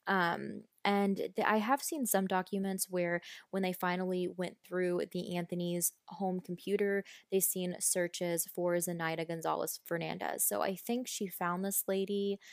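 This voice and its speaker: A woman's voice: fairly low pitch, no echo, studio quality. A woman hosting a casual true-crime podcast, telling the story bluntly with swearing and indignant asides. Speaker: podcast host.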